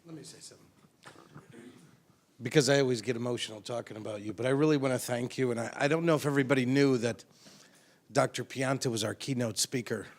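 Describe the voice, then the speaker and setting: A chiropractor speaks to a conference audience in an animated storytelling style. His voice sits at a middle pitch, and he acts out the lines he once shouted as he tells the story. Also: fast, long pauses. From United States.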